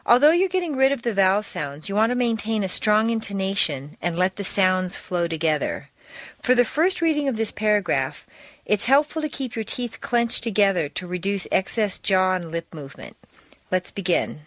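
A woman giving training lessons, reading slowly and with clear enunciation for learners to repeat. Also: mid-range voice, very animated, fairly bright tone, no room sound. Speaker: accent training instructor. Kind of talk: scripted instructional narration.

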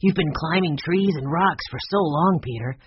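A storybook reader voicing a calm, sensible older boy. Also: mid-range voice, normal speed, slight background noise, close to an everyday voice. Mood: steady. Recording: dull dry lo-fi recording.

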